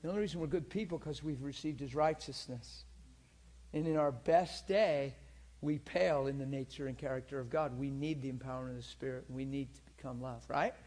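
A man preaching a sermon, telling healing stories in a lively, teasing way and laughing often, moving from quiet asides to loud peaks. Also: mid-range voice, brisk. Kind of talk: sermon storytelling about healings.

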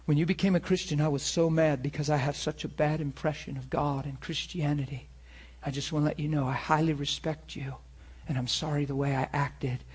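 Husky-voiced man preaching a sermon. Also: fairly high pitch, steady tone, fairly quick, few pauses. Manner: earnest storytelling, swings from soft confessional to loud emphatic. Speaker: pastor.

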